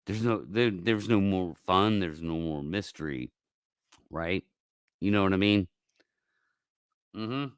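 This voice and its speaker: A man hosting a casual livestream, talking in a rambling, profane way that swings from mumbled asides to loud outbursts, on a close mic. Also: sits low, slow pace, pauses often, smooth, no room sound. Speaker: livestream host.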